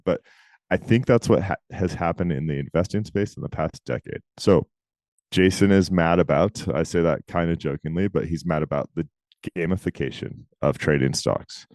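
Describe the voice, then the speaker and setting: A man co-hosting a podcast in casual chat, talking emphatically with quick asides. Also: low voice, a little mellow, no echo. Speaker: podcast co-host.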